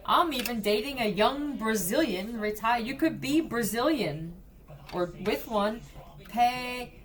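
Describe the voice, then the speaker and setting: A woman's voice: fairly high pitch, animated, slow. A woman giving a blunt, profane psychic reading, talking straight to the viewer in a casual way. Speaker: psychic reader.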